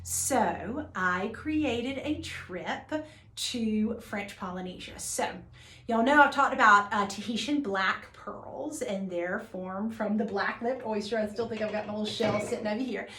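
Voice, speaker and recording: A woman's voice: medium pitch, unhurried, sharp tone, reverberant. A woman, a jewelry business owner telling a story casually to the camera with lots of fillers and restarts. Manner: chatty, uses y'all, many fillers and restarts.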